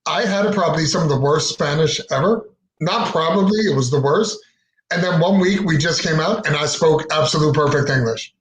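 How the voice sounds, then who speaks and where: A man's voice: fairly high pitch, a little fast, slight background noise. Man, podcast host, casual chat, blunt, wry, profane, echoey room. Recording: roomy echo.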